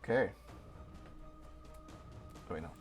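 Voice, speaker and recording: A man's voice: takes it slowly, music in the background. A man acting as game master, narrating a tabletop combat casually and checking rules as he goes.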